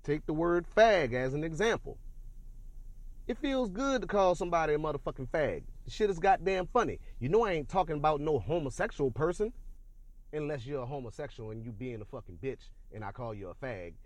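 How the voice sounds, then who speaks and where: A man delivering a loud, profane, worked-up comedic rant on a podcast. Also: on the high side, animated, fairly quick, dry recording. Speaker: podcast ranter.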